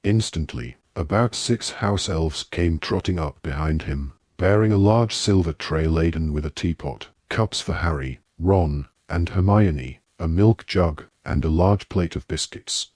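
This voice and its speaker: A man narrating an audiobook in a steady storytelling manner. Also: sits low, a little slow, few pauses, slightly rough, no room sound, clean studio sound. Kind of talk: scripted narration.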